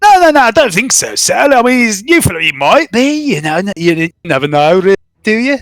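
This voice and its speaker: A scruffy middle-aged trader, played by a man, talks in a high, bouncing, chummy ramble. The voice is bright and sits close and dry to the mic. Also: big pitch swings, a little fast, no echo, full character voice. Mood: pleading. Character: scruffy middle-aged male market trader, eager and friendly.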